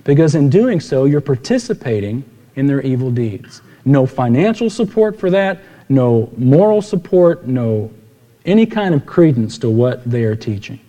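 A man's voice: mid-range voice, big pitch swings, moderate pace, dark tone, highs cut off. Conversational male pastor in reverberant hall. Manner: conversational, tells anecdotes, acts out dialogue. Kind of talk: sermon.

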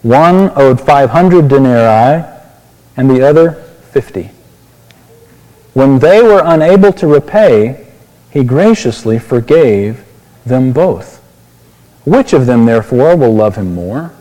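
A man's voice: medium pitch, mellow, long reverb tail, low-quality recording. A pastor preaching a sermon, explaining a Bible passage and asking his listeners questions.

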